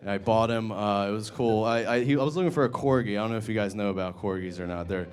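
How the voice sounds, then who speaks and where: A man's voice: lowish voice, quick pace. A young man performing a stand-up set in a comedy club, rambling through self-deprecating stories with crude asides.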